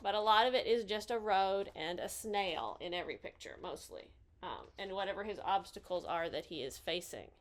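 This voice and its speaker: A woman hosting a casual picture book review, cheerful and gently enthusiastic as she hands out scores. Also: medium pitch, normal speed, few pauses.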